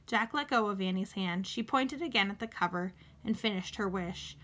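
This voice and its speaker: A woman reads a children's chapter book aloud in a bright, forward voice at a middle pitch. She lifts her voice for the children's lines and now and then restarts a word. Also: moderate pace, few pauses. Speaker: reader.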